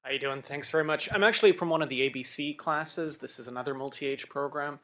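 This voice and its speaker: A man's voice: a little high, fast talker, bright, forceful tone. A father giving a casual, direct public comment at a school board meeting.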